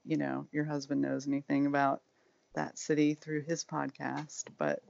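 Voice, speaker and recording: A woman's voice: sits low, level tone, normal speed, vocal fry, a little mellow, no room sound. A woman from Florida hosting a podcast, chatting effusively and casually with lots of "like" and "you know," heard over a remote call. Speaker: podcast host. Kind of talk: casual chat. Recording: dull, dry lo-fi sound.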